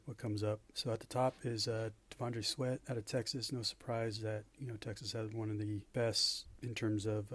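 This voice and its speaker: A man casually walking through football draft statistics, listing numbers in a flat way with frequent fillers. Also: on the low side. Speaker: draft analyst. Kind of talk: casual stats breakdown.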